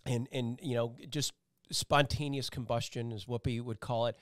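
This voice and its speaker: With a steady, mid-range voice at normal speed, this talk show host and meteorologist rambles emphatically through a casual interview, restarting often. He comes from an Italian-American family, and the sound is clean studio audio without room sound.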